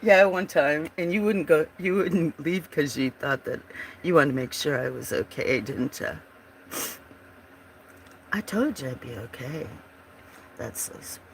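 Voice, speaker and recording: Drawing-stream host, casual and giggly, unhurried delivery, drifts off mid-sentence. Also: medium pitch, expressive, a little hiss or hum. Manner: giggly, laughs often, rambling. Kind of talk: casual chat while drawing.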